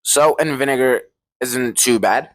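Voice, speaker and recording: A man's voice: medium pitch, a little slow, a bit bright. A young man co-hosting a casual podcast, joking and teasing, sometimes drawing out his words. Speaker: podcast co-host. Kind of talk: casual chat.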